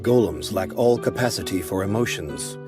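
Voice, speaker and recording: A man voicing a calm, emotionless golem lord in an anime dub, speaking slowly and solemnly. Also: sits low, music in the background. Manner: slow, measured, solemn.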